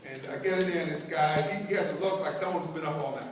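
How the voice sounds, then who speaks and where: A man's voice: a little high, racing, a little hiss or hum. Man speaking far off in an echoey hall. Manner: conversational, call-and-response rhythm with the crowd. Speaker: keynote speaker. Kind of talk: conference speech with storytelling. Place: large conference hall.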